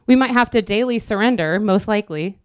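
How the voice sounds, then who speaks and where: A young woman preaching a sermon in an earnest, conversational way with quick asides. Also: mid-range voice, clean tone, no echo.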